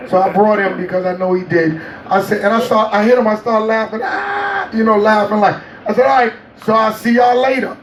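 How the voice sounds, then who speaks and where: A man as an interview guest, telling a story in a casual, animated way, laughing and acting out quotes. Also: high voice, brisk. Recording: roomy, distant mic, faint noise.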